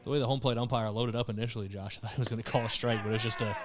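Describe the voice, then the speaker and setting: A young man announcing a live baseball game from a press box, calling each pitch briskly and correcting himself on the fly. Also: fairly even intonation, noisy background. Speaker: play-by-play announcer. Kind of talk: live radio and TV baseball commentary. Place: press box behind a window.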